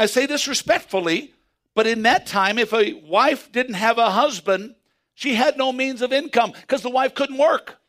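A man preaching a sermon as pastor, swinging from hushed asides to excited shouts. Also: sits high.

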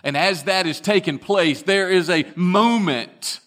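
A man preaching a sermon, retelling scripture with dramatic swings between raised and hushed delivery. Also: high-pitched, unhurried. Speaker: pastor.

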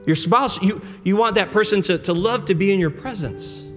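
A man with a slightly high voice delivers a sermon in a chatty, conversational style, restarting phrases and tossing out rhetorical questions. His words ring with long reverb, as if in a large sanctuary. Soft guitar plays underneath. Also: normal speed. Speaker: pastor. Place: church sanctuary. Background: soft guitar music.

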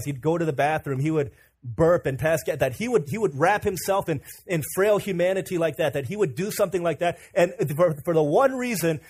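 A young man preaching a sermon, animated and casual, who tells stories and acts out the voices of the people in them. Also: fairly high pitch, husky. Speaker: pastor.

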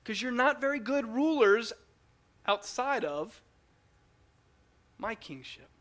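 Guy doing god, gentle patient creator, earnest and pleading, pitched up high. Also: big pitch swings, slow pace, exaggerated voice.

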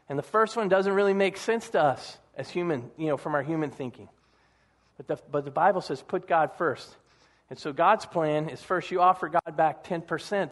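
A male pastor preaching a sermon in a conversational, animated storytelling manner. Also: sits high.

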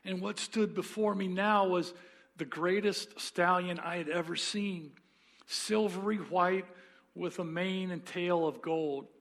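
A pastor with a fairly high voice preaching a sermon. He tells the story earnestly and leans into dramatic pauses. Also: a bit bright.

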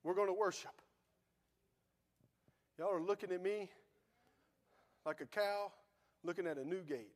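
A man's voice: high voice, unhurried, pauses often. A man preaching a sermon in a church, fervent and folksy. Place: church sanctuary.

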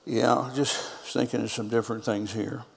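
Man, pastor's sermon, gravelly voice, long church-hall reverb. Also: medium pitch, steady tone, normal speed. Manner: storytelling preacher, quoting others in conversation.

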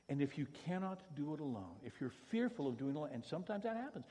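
Man, pastor, sermon, hushed to emphatic delivery, long hall reverb. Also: a little high, big pitch swings, quick pace, hardly any pauses, breathy edge. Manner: swings from hushed pleading to loud emphatic preaching.

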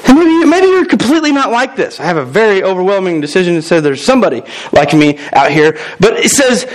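A man in his thirties preaches with a lot of energy, throwing in quick asides and jokes as he goes. His voice sits high for a man, and he comes from the United States. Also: animated, poor audio. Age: 30s. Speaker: pastor. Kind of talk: sermon.

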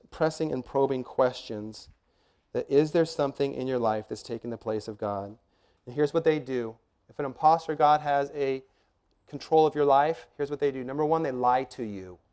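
A middle-aged male pastor delivering a sermon in an earnest, emphatic way. His voice sits at an ordinary middle pitch, and he steps through his points one by one, often pausing on rhetorical questions. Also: a little mellow, smooth.

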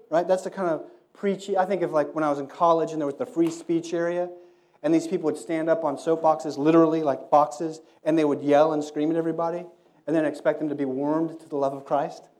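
A male preacher delivering a sermon in a relaxed, conversational way, breaking into little stories and playing the people in them. His voice is mellow and a little higher than most men's. He comes across as someone talking with the room rather than lecturing it. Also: fairly quick. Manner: conversational, animated, acts out quoted voices. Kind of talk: sermon with storytelling.

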